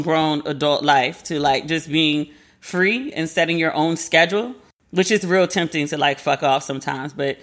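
A woman in her forties hosting a podcast, chatting casually and animatedly, slangy, acting out quoted people in a higher voice. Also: fairly bright tone. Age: 40s. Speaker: podcast host. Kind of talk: casual chat.

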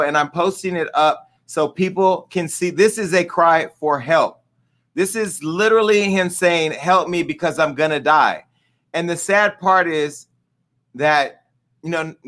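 A man's voice: a little high, fairly bright tone. A middle-aged man hosting a casual commentary show, talking candidly and emotionally straight to his viewers. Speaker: host.

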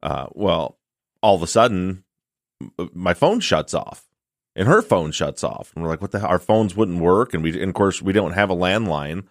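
A man co-hosting a podcast, telling a story in casual chat, swearing freely and acting out his own shouting. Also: deep voice, expressive, normal speed, dry recording, clean studio sound. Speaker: podcast co-host.

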